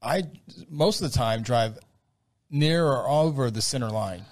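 A man co-hosting a casual chat, telling a rambling, halting story. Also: mid-range voice, lively intonation.

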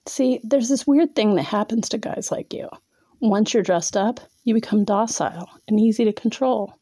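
A woman's voice: mid-range voice, moderate pace, warm tone, no room sound. A woman narrating a second-person erotic story in a teasing, domineering way, sometimes dropping to a whisper.

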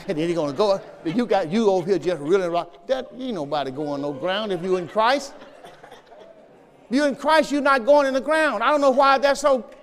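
A male pastor with a high, bright voice, preaching a sermon. He drives home each point by repeating it and pulling the congregation into call and response. His voice carries a long reverb from a church sanctuary.

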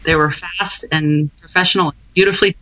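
A woman's voice: on the low side, fairly even intonation, normal speed, pushed and bright, rough recording. A woman, a guest on a podcast, chatting loosely and giggling now and then. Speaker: guest homebrewer. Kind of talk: casual homebrewing chat.

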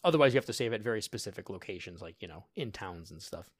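Animated man on a dry podcast mic. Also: fairly low pitch, fast talker, no room sound. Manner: animated storyteller acting out game dialogue, frequent laughs. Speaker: podcast co-host. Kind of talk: casual chat.

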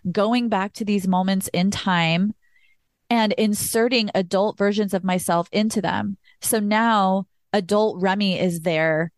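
A young woman talks candidly on her podcast in a reflective personal monologue, with a medium-pitched voice. She sounds open and emotional, drops in a casual "like" and an odd curse word. The sound is dry and close, with no room echo. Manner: candid and emotional, says "like" often, sometimes swears. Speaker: podcast host.

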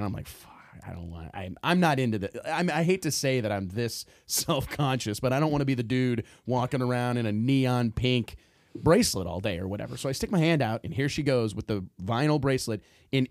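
A man hosts a podcast and tells stories in an easy, conversational way. He acts out the other people in his tales, and his voice often rises as he laughs along. The sound is close and dry, with no room echo. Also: medium pitch. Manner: animated storyteller, acts out quotes, laughs often. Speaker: podcast host. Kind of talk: casual storytelling chat.

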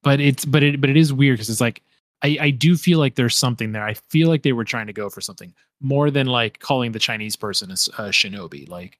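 A man's voice: mid-range voice, fast, no room sound, studio quality. A man co-hosting a casual podcast chat, rambling with frequent restarts and fillers. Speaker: podcast co-host.

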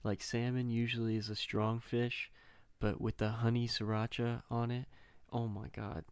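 A man's voice: mid-range voice, level tone, moderate pace, smooth, no echo. A man co-hosting a podcast, listing dishes with eager, emphatic praise. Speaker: podcast co-host. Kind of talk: casual food chat.

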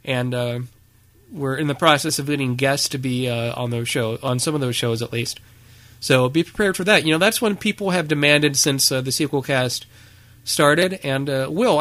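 A man hosts a laid-back podcast, talking in loose, rambling bursts full of fillers. His voice has a bright, keen edge. He laughs easily between points. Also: medium pitch. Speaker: podcast host. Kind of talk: casual podcast chat.

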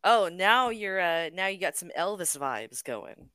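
A young woman co-hosting a casual podcast, her voice bright and crisp. She rambles and restarts her sentences, laughing often. The recording is dry and close. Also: fairly low pitch, lively intonation, a little slow, no room sound. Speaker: podcast co-host. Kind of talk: casual chat.

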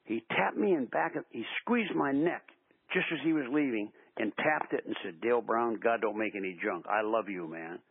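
An older man, a basketball coach, tells animated stories in a radio interview, acting out the quotes. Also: medium pitch, normal speed, husky, no room sound. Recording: tinny phone-line sound.

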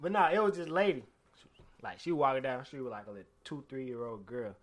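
A man's voice: medium pitch, brisk. A man telling stories in a casual chat with friends, acting out what he and others said. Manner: animated storytelling, acts out his own quotes.

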